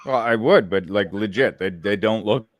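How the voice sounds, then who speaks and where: A man's voice: fairly low pitch, moderate pace, no room sound, studio quality. A man in casual podcast chat, sarcastic and profane, grumbling about people.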